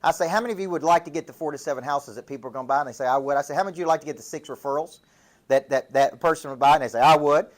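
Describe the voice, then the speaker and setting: A man's voice: a little high, racing. A man with a Southern US accent from Tennessee, giving a motivational business coaching talk full of stories and rhetorical questions. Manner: punchy storytelling, rhetorical questions.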